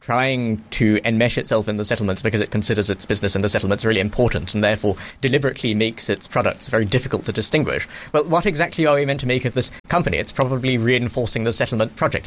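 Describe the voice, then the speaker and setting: Fast, measured man. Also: mid-range voice, a little hiss or hum. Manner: measured, careful phrasing. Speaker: studio guest. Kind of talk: political discussion. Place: radio studio.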